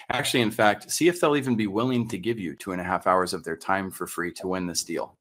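A man with a notably low voice tells a business story as a podcast guest. He talks animatedly, acting out what people said, with plenty of fillers and restarts along the way. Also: brisk, few pauses. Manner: animated, acts out quoted dialogue, frequent fillers and restarts. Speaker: podcast guest, entrepreneur and consultant.

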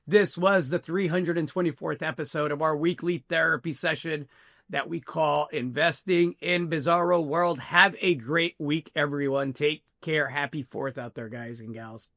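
A man's voice: on the high side, steady tone, normal speed, vocal fry, fairly bright tone, no room sound, studio quality. A man co-hosting a podcast, talking earnestly to listeners, often restarting his words. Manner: earnest, addresses listeners as folks, stammering restarts. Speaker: podcast co-host. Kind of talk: casual podcast discussion.

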